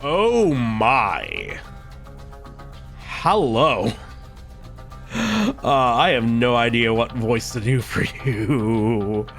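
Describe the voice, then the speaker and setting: A man's voice: mid-range voice, very animated, very slow, long pauses, a bit bright, soft background music. A man streaming a video game, giving casual let's-play commentary, chatty and thinking aloud, laughing at himself. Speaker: gaming streamer.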